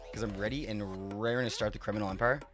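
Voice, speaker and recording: A man chatting casually with his live-stream viewers while he builds in a game, rambling, laughing often and swearing freely. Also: fairly low pitch.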